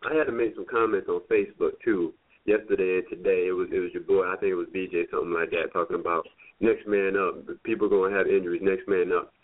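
Low-voiced frustrated man on phone line. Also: flat delivery, quick pace. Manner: frustrated, emphatic. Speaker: podcast co-host. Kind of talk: casual sports talk. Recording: tinny phone-line sound.

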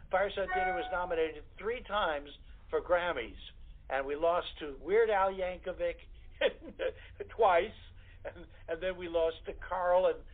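A man's voice: sits high, unhurried. An older man, a guest actor, telling rambling anecdotes in a casual interview, with many fillers. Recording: tinny phone line.

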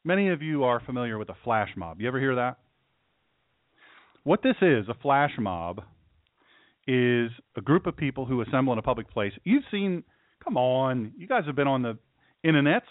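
A man's voice: on the high side, sing-song, brisk, dry recording. Sarcastic male talk radio host, tinny. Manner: sarcastic, mocking, puts on caricature voices. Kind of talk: opinionated talk radio monologue. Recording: dry, phone-like radio audio.

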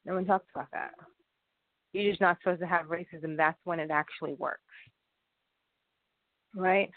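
A man delivers a loose, rambling monologue, circling back and restarting his sentences. His voice sits a bit high. The sound is dry and tinny, like it came through a phone. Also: steady tone, normal speed, dry recording. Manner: rambling, repeats and restarts often. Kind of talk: casual monologue.

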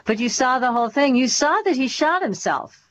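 Gentle prompting woman host, lo-fi. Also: high-pitched, expressive, fairly quick. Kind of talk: casual interview. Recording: dull lo-fi with faint noise.

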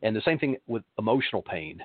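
Halting male pastor on a thin line. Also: on the low side, sing-song, breathy edge, no echo. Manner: halting, many pauses and repeated words. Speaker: pastor and podcast host. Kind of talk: reflective spiritual talk. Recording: dry, narrow phone-like sound.

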